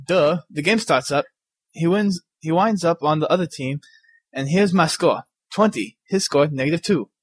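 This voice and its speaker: A man's voice: on the high side, normal speed, no room sound. A man co-hosting a gaming podcast, laid-back, reading listener stories with a laugh in his voice. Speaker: podcast co-host. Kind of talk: casual gaming podcast chat.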